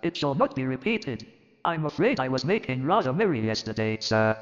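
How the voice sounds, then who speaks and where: A timid, apologetic clerk who stammers nervously, voiced by a man well above his own pitch. The sound is reverberant and dull. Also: animated, normal speed, faint music behind, close to an everyday voice.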